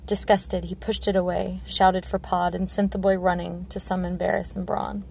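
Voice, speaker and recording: A woman reads a fantasy novel aloud, measured and low-key. Her voice is gravelly and stays flat in pitch. A faint hiss runs under the recording. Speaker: audiobook reader.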